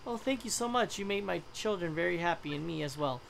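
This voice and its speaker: A tired village mother in a game, speaking softly and humbly in a slightly lowered voice, as a woman reads her part. Her tone rises and falls a lot as she pleads. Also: lively intonation, a little fast, vocal fry. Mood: pleading. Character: poor, weary village mother.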